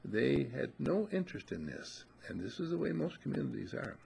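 Male speaker spinning a folksy parable, animated delivery, rough gravelly tone. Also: medium pitch, moderate pace. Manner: lively, folksy storytelling with fillers. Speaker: inspirational speaker. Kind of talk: storytelling talk, parable.

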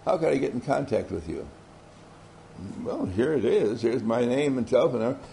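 A man's voice: medium pitch, animated, normal speed, vocal fry, dark tone, slight background noise, rough recording. A man giving a motivational talk, telling a story animatedly and often laughing. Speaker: motivational speaker.

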